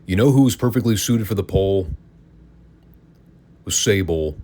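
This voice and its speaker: A man's voice: deep voice, moderate pace, warm tone. A man hosting a podcast, giving a casual, opinionated and sarcastic wrestling review. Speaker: podcast host.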